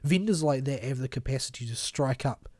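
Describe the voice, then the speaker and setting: A man co-hosting a long podcast stream speaks a little fast in a mid-range voice with no echo. His commentary is critical and rambling, quietly trailing off, and his voice shows fatigue from the long stream.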